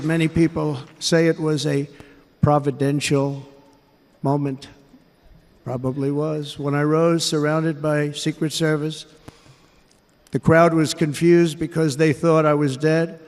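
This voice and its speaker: An American man in his seventies giving a speech to a rally crowd in a large indoor arena, measured and emphatic, repeating his phrases. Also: a little high. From United States. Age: 70s. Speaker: political candidate. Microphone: podium microphone. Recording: echoey arena with crowd noise.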